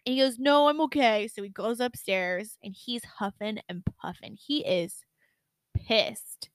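A woman's voice: medium pitch, a little slow, no room sound. A young woman co-hosting a podcast, telling stories in casual chat, swearing and laughing a lot. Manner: animated storytelling, swears often, laughs a lot. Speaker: podcast co-host.

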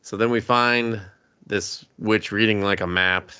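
A man's voice: on the low side, fairly even intonation, measured pace, pushed and bright, clear, resonant tone, no room sound. A man hosting a casual anime review podcast, swearing freely and acting out characters in quoted voices. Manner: profane, acts out characters in quotes. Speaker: podcast host.

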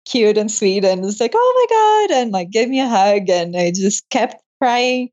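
A woman's voice: mid-range voice, normal speed, darkish tone. A young woman guest in an interview, telling her story in a casual, emotional way and laughing often. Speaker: interview guest, medical student. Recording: slightly dull lo-fi sound.

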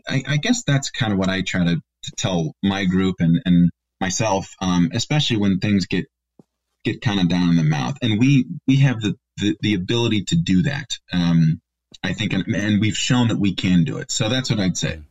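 A middle-aged man chatting as a podcast guest, halting with many restarts and fillers. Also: sits low, muffled recording. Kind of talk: casual interview chat.

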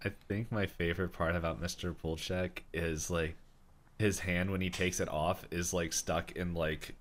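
A man's voice: deep voice, little pitch movement, normal speed, a little hiss or hum. Rambling man chatting on a podcast. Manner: rambling, laughs often, searches for words. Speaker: podcast co-host. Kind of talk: casual episode recap chat.

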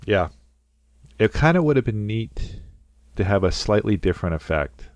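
A man's voice: on the low side, very animated, normal speed, no echo. A man co-hosting a casual podcast, talking through a film scene and acting out quotes in goofy voices. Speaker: podcast co-host.

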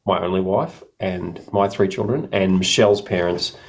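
Middle-aged bloke, low voice, chatty, rambling storyteller for a casual podcast. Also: male voice, moderate pace. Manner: rambling, self-correcting storyteller. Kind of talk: casual chat.

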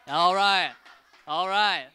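A man's voice: high-pitched, slow, pushed and bright, clean tone, soft background music. A man in his thirties preaching a casual, joking sermon to a congregation. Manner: playful, joking with the crowd.

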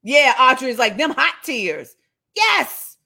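A woman preaching in a relaxed, conversational sermon style. She tells the scripture playfully, acting out voices as she goes. Her voice sits a little high and jumps about a lot. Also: slow pace. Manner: animated, playful retelling with voiced asides. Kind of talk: casual sermon.

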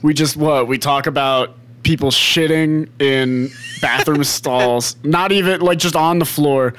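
Animated, laughing man telling stories. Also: on the high side, a little slow. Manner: animated storyteller, laughs often, acts out quotes; swears freely. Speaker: podcast co-host. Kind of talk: casual chat.

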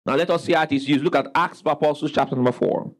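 Speaking very fast in a voice on the high side, a pastor preaches a sermon, calling out questions for the congregation to answer and exclaiming praise. The recording is low quality.

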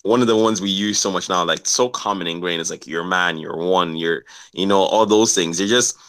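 A young man from Nigeria in casual podcast chat, relaxed and quick to laugh, with plenty of fillers. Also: sits low, smooth.

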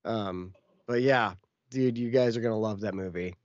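A man's voice: lowish voice, moderate pace, no room sound, muffled recording. A man co-hosting a podcast, telling a long story in casual chat with lots of fillers. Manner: rambling storytelling with many fillers. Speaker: podcast co-host.

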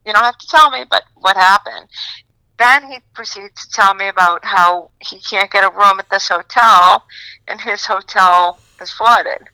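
A woman's voice: mid-range voice, unhurried, pushed and bright, clean tone, no echo, rough recording. A woman guesting on a podcast, playfully telling a made-up scene, acting out her own lines and giggling. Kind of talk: playful role-play storytelling.

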